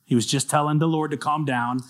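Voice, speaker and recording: Seorang pendeta pria berkhotbah dengan gaya bercerita yang santai dan hidup, suaranya agak tinggi untuk seorang pria. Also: male voice, fairly high pitch, a little fast. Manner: conversational, animated storytelling. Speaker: pastor. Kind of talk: sermon.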